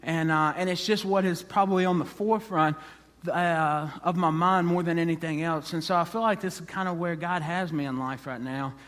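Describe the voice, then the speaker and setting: A man's voice: a little high, fairly even intonation, normal speed, fairly bright tone, long reverb tail. A man preaching a conversational sermon, restarting often and acting out the people in the story. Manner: conversational, restarts often, acts out quoted speech. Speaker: pastor.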